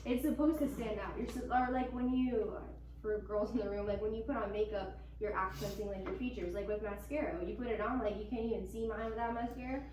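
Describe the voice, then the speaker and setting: A woman's voice: medium pitch, steady tone, quick pace, hardly any pauses, background noise. A woman leading a school band class, upbeat and encouraging, talking casually with plenty of "like" as she explains the music. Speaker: band teacher. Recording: echoey room from a distance.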